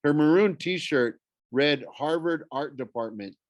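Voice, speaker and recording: A man's voice: medium pitch, a little slow, dry recording, highs cut off. A man reading a first-person novel chapter aloud in a casual way, often stumbling over words and correcting himself. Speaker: audiobook reader.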